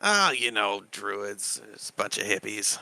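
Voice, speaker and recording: A man's voice: lowish voice, big pitch swings, unhurried, vocal fry, pushed and bright, no room sound, full character voice, rough recording. A man voicing a weary female dragonborn temple keeper in a tabletop game, grumbling and rambling in a close, dry sound. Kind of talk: tabletop role-play character voice.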